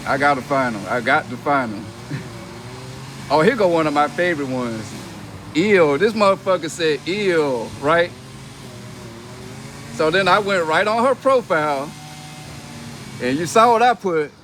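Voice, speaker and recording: Young man with a fairly high voice, brash and mocking, noisy phone livestream. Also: expressive, a little slow, pauses often, fairly bright tone. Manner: brash, profane and mocking, laughing between lines. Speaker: reality TV personality reading comments on a live stream. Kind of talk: casual livestream rant.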